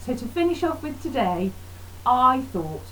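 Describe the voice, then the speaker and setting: Lively sing-song woman music teacher. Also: high voice, a little slow, slight background noise, rough recording. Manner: encouraging, sing-song and animated. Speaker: primary school music teacher. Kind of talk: lively online music lesson for young children.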